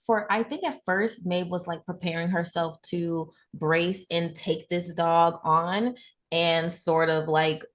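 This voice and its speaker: Woman player, slow and musing, lowish pitch. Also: steady tone. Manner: thoughtful, hedging, casual. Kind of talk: describing her character in a tabletop game.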